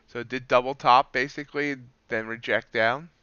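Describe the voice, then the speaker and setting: A man's voice: mid-range voice, fairly even intonation, moderate pace, bright, forceful tone, smooth, no room sound, highs cut off. A man live-streaming his trades, chatting casually and joking at his own slips as he explains the charts. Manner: chatty, self-deprecating, explains trades while watching charts.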